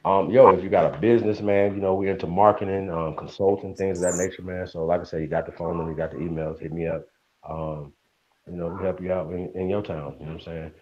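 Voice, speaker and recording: Deep-voiced male stream host, upbeat slang, lo-fi sound with faint hiss. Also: fairly even intonation, fast. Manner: greets viewers by name, slangy and upbeat. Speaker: livestream host. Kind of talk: casual livestream chat. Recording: dull lo-fi stream audio with faint noise.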